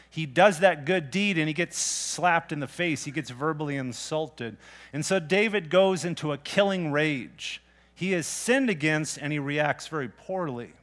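A pastor delivering a sermon in a relaxed, everyday way of talking. His voice sits a little higher than most men's. He poses direct questions to his listeners and retells scripture in casual words. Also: normal speed. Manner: conversational, plain-spoken preaching with rhetorical questions.

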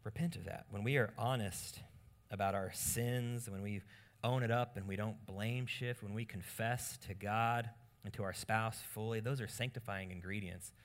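A man preaching a sermon on marriage in an animated way, acting out quoted lines in different voices. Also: lowish voice, normal speed. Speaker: pastor.

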